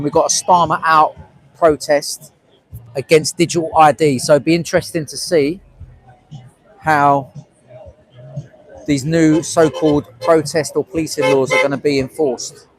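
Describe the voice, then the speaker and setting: A man's voice: on the high side, flat delivery, normal speed, poor audio. A man from North London with a London accent, running a live street stream and chatting to his viewers in a blunt, sweary, matey way at an outdoor protest. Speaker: livestreamer.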